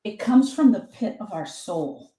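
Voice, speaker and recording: A woman's voice: mid-range voice, animated, measured pace, mellow, breathy edge. A woman grief coach talking casually to viewers on a live stream, earnest and repeating herself as she drifts off topic.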